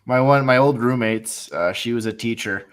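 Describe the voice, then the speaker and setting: A man hosting a relaxed panel conversation. He tells stories with energy and acts out the people he quotes. His voice sits at an ordinary middle pitch. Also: normal speed. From small town. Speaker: panel host. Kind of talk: casual panel chat.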